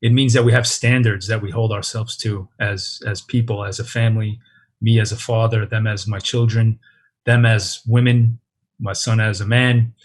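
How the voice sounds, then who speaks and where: Male guest, father, husky mid voice, earnest and reflective. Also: on the low side, flat delivery, moderate pace. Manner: earnest, with frequent restarts. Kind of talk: reflective interview talk.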